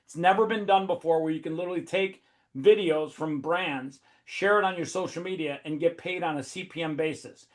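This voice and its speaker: A man hosting a webinar, talking in a profane, high-energy, emphatic way. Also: a little fast. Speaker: host. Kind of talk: casual webinar talk.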